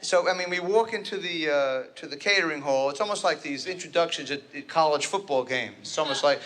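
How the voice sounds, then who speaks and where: A man's voice: on the high side, fast, few pauses, a bit bright, slight background noise. A man from New Jersey doing a neurotic, rambling, self-deprecating stand-up routine on stage. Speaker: stand-up comedian. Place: stage before a live audience.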